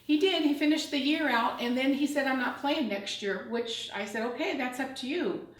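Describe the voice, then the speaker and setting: An older woman recalls events slowly and carefully in an interview. Her voice sits fairly high. The room around her is echoey. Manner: slow, measured recollection. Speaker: interviewee, mother.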